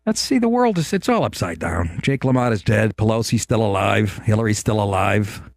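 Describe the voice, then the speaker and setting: A man's voice: lowish voice, animated, moderate pace, gravelly, no echo, clean studio sound. A middle-aged man hosting a talk show, ranting in a profane, sarcastic and exasperated way. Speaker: host.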